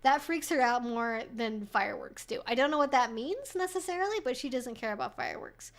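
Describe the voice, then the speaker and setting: High-voiced woman chatting on a stream. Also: lively intonation, a little fast, creaky. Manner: chatty, swears freely, many "like" fillers; laughs often between remarks. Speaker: livestream host answering viewer questions. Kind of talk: casual live-stream chat.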